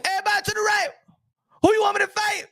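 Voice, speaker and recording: A man putting on a boastful prizefighter who hypes himself up in a loud, strained voice. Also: very high-pitched, completely flat delivery, rapid-fire, pitched above the performer's own voice, full character voice.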